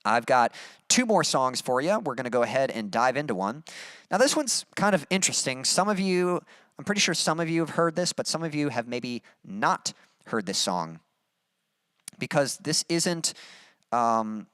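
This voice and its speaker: A man's voice: medium pitch, expressive, moderate pace, fairly bright tone, no echo, studio quality. A young adult man hosting a casual livestream, upbeat and chatty as he reads out viewer comments. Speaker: livestream host and musician.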